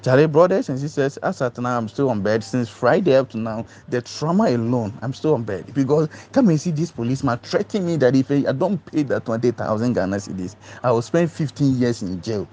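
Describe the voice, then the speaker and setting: A man casually telling viewers a personal story, animated and tripping over his words with restarts and repeats. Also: medium pitch, fairly quick, hardly any pauses.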